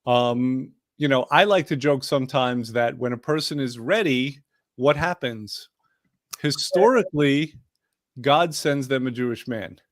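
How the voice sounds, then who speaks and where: A man's voice: medium pitch, a little slow, no room sound. Joking man coaching on a dry video call. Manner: playful, jokey and persuasive. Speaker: wellness program coach and host. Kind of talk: casual panel chat.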